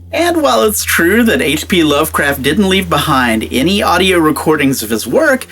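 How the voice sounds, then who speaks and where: A male host delivers a scripted narration in a somewhat high voice. His pitch moves up and down a great deal, which keeps it animated and expressive. Faint music plays underneath.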